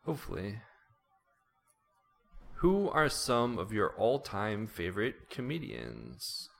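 Lively-pitched man with dry teasing quips. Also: slow pace, vocal fry, soft background music. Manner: dry, teasing one-liners. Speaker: interviewer. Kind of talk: casual conversation.

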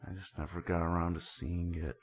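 A man's voice: deep voice, flat delivery, fairly quick. A man co-hosting a podcast in casual, laid-back chat.

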